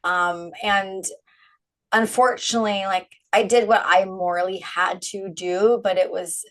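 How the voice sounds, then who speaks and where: A woman's voice: mid-range voice, steady tone, unhurried, fairly bright tone, rough recording. A middle-aged woman being interviewed, talking frankly and animatedly and laughing often. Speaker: guest, brand founder. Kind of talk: candid interview conversation.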